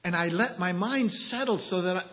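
Brief: male preacher, fairly high and bright voice, emphatic delivery, dull lo-fi recording. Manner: emphatic, slows on key phrases. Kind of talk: sermon with scripture reading.

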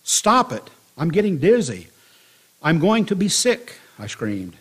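A man's voice: fairly low pitch, a little slow, a bit bright, breathy edge, voice pushed down. A man voicing a talking teacup that cries out and begs to be left alone. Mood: panicked. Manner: pleading, cries out under each ordeal. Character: suffering talking teacup, whiny and pleading.

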